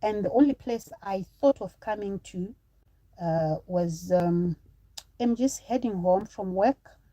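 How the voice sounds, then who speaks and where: A woman's voice: medium pitch, takes it slowly, warm tone, no echo, dull audio. A woman from Zimbabwe in her thirties, chatting on a live stream, telling a personal story to viewers and breaking off to thank supporters.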